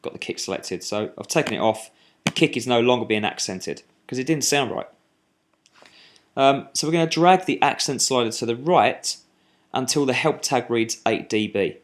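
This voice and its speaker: A man's voice: medium pitch, animated. Man walking through a drum sequencer. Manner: talks while clicking, halting with fillers and restarts. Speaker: music software instructor. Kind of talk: screen-recorded software tutorial.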